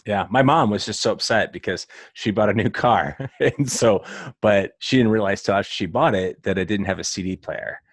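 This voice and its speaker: Man with a low voice hosting an interview, dry sound. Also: moderate pace, dry recording. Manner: laughs a lot, relaxed and chatty. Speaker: interview host. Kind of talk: casual interview chat.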